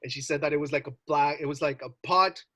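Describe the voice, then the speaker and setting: A young man telling a story in casual chat, animated, swearing and full of filler words. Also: fairly high pitch, fast, low-quality recording. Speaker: podcast co-host.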